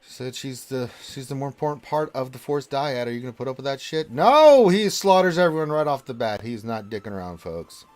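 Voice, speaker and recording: A man streaming a game live and commenting as he plays. He jokes, talks to the characters on screen, and swings between loud excited calls and low muttering. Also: brisk, hardly any pauses. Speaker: gaming streamer.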